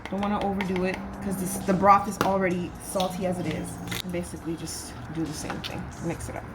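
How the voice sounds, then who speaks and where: A woman's voice: lowish voice, level tone, quick pace, heavy background noise. A woman from California chatting casually as she cooks in her home kitchen, often calling her viewers "y'all". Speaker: cooking vlogger. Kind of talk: casual cooking chat.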